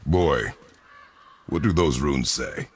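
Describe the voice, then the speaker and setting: Kratos, a gruff, terse warrior father. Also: extremely low pitch, slow, heavily acted. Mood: stern. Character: stern, brooding warrior father, middle-aged and massive. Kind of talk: video game cutscene acting. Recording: game audio with loud background noise.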